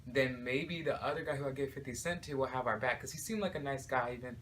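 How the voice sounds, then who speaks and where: A young man vlogging, telling a personal story in a casual, animated way, full of "like" fillers. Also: medium pitch, fast talker, a little hiss or hum.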